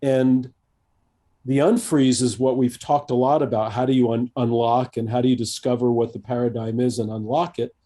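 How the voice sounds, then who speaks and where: An older American man speaks in a warm, mellow tone as a guest in an interview. He talks reflectively and often pauses on fillers and restarts his sentences. He is a seasoned coach. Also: medium pitch, steady tone. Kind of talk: conversational interview.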